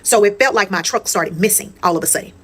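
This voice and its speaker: A woman's voice: mid-range voice, fast talker, a bit bright. A young woman telling a personal story to her viewers in a candid, casual, profane way. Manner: candid, profane, conversational, addresses viewers as y'all.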